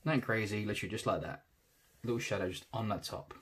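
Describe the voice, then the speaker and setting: A man, casually talking through a digital tattoo drawing in real time, thinking aloud and trailing off softly. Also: fairly low pitch, quick pace, husky.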